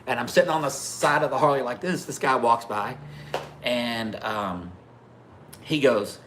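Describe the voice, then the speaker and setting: Male streamer, forceful bright tone, loose profane storyteller who chats with his audience. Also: mid-range voice, a little slow, slight background noise. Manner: animated, swearing, laughing through anecdotes; talks to viewers by name between stories. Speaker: livestream host. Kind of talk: casual storytelling to a live chat.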